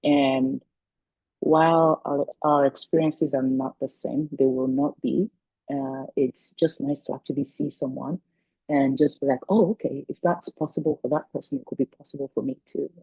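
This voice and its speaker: Husky, warm-voiced woman speaker. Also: low-pitched, normal speed, no echo, rough recording. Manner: chatty, storytelling, laughs between points. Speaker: guest speaker, parent coach. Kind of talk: casual talk on a video call. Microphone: video call.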